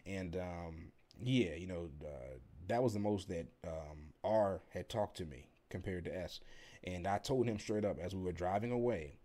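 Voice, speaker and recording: Man, young adult, deep voice, casual rambling storytelling, blunt and profane. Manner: rambling, profane, animated when quoting others. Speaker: delivery driver vlogger.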